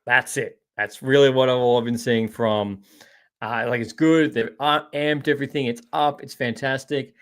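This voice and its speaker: A man's voice: mid-range voice, fairly even intonation, normal speed. An Australian man hosting a live podcast, rambling casually about shows and games and answering viewer comments, often calling people mate. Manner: rambling, chatty, says "mate" a lot. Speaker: podcast host.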